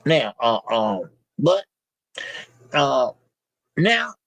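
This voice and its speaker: A man's voice: medium pitch, very animated, very slow, gravelly, fairly bright tone, no room sound, low-quality recording. A man hosting a live boxing talk stream, reading chat messages and talking in a loose, slangy, repetitive way. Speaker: boxing show host.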